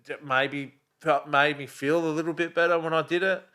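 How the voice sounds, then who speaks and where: A man's voice: a little high, steady tone, moderate pace, bright, forceful tone, smooth. A middle-aged man with an Australian accent, a podcast guest in casual chat who talks bluntly, swears often and fills his talk with "you know.". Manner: blunt, swears a lot, many fillers.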